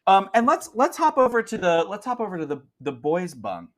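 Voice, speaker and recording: A man running a tabletop horror game as game master, relaxed and chatty with laughing asides. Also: sits high, a little fast.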